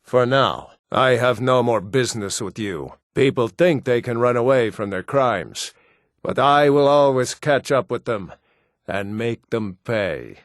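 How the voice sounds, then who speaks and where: An actor voicing assorted gruff adult Nord men in a fantasy video game, blunt and plain-spoken. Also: male voice, mid-range voice, lively intonation, a little slow, no room sound, clean studio sound. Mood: stern. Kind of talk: game voice lines.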